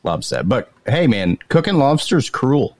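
A man's voice: medium pitch, big pitch swings, normal speed, a little mellow, no room sound. A man with a Maine accent hosting a casual chat, laid-back and explaining things, swearing casually.

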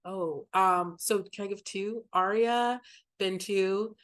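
A woman's voice: mid-range voice, steady tone, takes it slowly, fairly bright tone. A woman from Maryland, a sports sponsorship executive, answering questions in an upbeat, casual podcast interview. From Maryland, United States.

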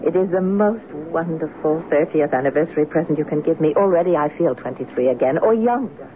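An actress in a 1970s radio drama playing a middle-aged French wife with a French accent, once in the resistance, talking in a tender, teasing way. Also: female voice, sits low, expressive, a little fast. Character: wistful French wife, former resistance fighter. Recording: tinny lo-fi old radio broadcast with hiss.

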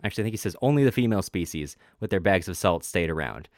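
A man co-hosting a podcast, summarizing a story and reading quoted passages aloud with frequent pauses. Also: sits low, animated, no room sound, studio quality. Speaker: podcast co-host. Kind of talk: casual book discussion.

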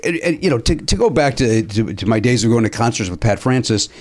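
A man hosting a casual podcast chat, rambling and filling pauses with frequent uhs and ums. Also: mid-range voice, animated. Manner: rambling, with frequent filler sounds. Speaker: podcast host.

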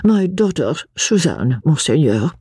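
A woman's voice: low voice, sing-song, measured pace, dark tone, husky, no echo, studio quality, voice pushed up, exaggerated voice. A woman reading aloud and voicing a rigid, frigid old aristocratic lady. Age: older. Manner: stiff, cold, dignified.

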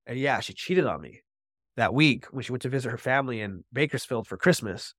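A man's voice: medium pitch, brisk, dry recording, studio quality. Man telling a raw recovery story. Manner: animated storytelling, acts out his own quoted speech. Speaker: podcast guest.

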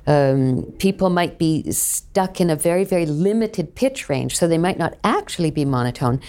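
A woman who is a voice coach, explaining her work in an interview in a measured, teacherly way. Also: sits low, darkish tone. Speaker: voice coach guest.

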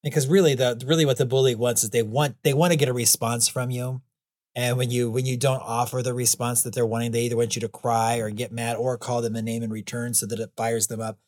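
A man's voice: medium pitch, flat delivery, fast, a little mellow, no echo. Chuckling, rambling man, dry sound. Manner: rambling, chuckles often, many "you know"s. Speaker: guest, clown and anti-bullying author. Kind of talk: casual interview chat.

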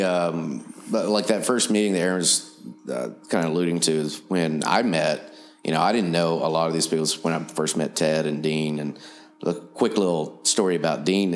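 A man's voice: low voice, slight background noise. A man, a film producer telling rambling stories in casual conversation. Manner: relaxed, rambling anecdotes. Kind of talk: casual storytelling.

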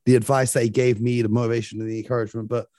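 A young man in his late twenties co-hosting a casual sports podcast, eager and animated. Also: mid-range voice, rapid-fire, no room sound, studio quality. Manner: enthusiastic, animated, leads the conversation. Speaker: podcast co-host.

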